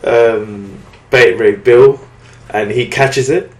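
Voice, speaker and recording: A man's voice: fairly low pitch, slow, reverberant. A man casually recapping a comic book story on a podcast, rambling and acting out the characters' lines. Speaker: podcast co-host.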